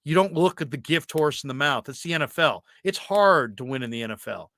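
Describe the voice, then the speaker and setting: A male sports talk host with a bright, fairly high voice, talking casually and in an animated way, often breaking off and restarting his sentences. The sound is dry and close. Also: fairly quick, dry recording. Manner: animated, self-interrupting storyteller.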